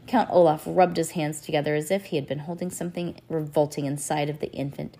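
A woman reading a storybook aloud as narrator, expressive and with varied pace. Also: low-pitched, a little fast, creaky, hardly any pauses.

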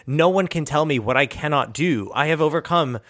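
A man's voice: on the high side, brisk, a bit bright, no room sound, clean studio sound, lightly acted. A man voicing a stubborn, scrappy female dragon monk who talks brashly and swears, in a tabletop game. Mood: defiant. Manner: brash and profane.

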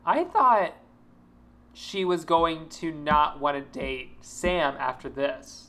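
A woman's voice: deep voice, slow pace. Woman retelling scenes with laughs. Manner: animated retelling, laughs, restarts and fillers. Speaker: podcast co-host. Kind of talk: casual chat recapping a TV episode.

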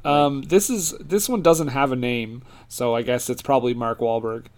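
A man's voice: mid-range voice, fairly even intonation, moderate pace, a little mellow. A man co-hosting a casual podcast, joking and reading out movie reviews. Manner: jokey, laughs at his own quips. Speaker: podcast co-host.

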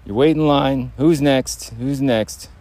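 A man's voice: medium pitch, slow pace, a little mellow, voice pushed up. A man putting on the voice of a bossy bathroom bully who barks orders at people waiting for a shower. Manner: barking orders, hurrying people.

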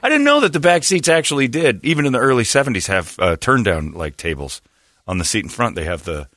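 A man's voice: mid-range voice, sing-song, fairly quick, a bit bright, no echo, studio quality. A man hosting a talk show, telling a comic story in a rambling, self-interrupting way and laughing at his own jokes. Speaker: radio show host. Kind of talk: comedic storytelling banter.

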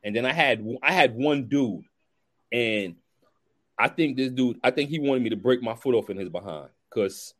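Animated New man telling stories. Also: medium pitch, moderate pace. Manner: animated storyteller who acts out dialogue, slangy. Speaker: podcast host. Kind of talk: casual chat.

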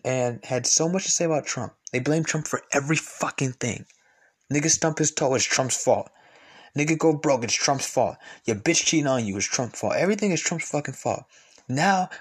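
A man with a mid-range voice and a breathy edge hosts a podcast, delivering a casual rant that is profane, blunt, argumentative and repetitive.

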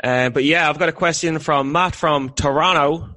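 A man's voice: a little high, moderate pace, sharp tone, no room sound. A British man co-hosting a podcast in casual chat, rambling and self-deprecating with many restarts. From Britain. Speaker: podcast co-host.

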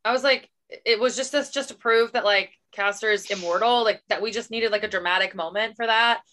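Bright-voiced woman chatting casually. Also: a little high, fairly quick, slight background noise. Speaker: podcast co-host. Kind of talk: casual book club chat.

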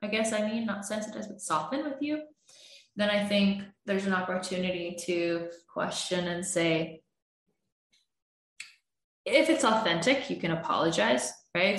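Speaking a little slowly in a reverberant space, a woman with a mid-range voice works as a relationship coach. Her advice podcast monologue is earnest and explanatory, covering communication and acting out what partners say when they argue.

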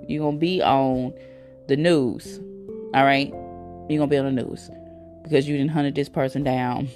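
A woman with a low, gravelly voice hosts a solo advice podcast, blunt and animated as she teases her listeners. Music plays clearly behind her. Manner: animated, blunt and teasing, breaking into laughter. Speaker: podcast host.

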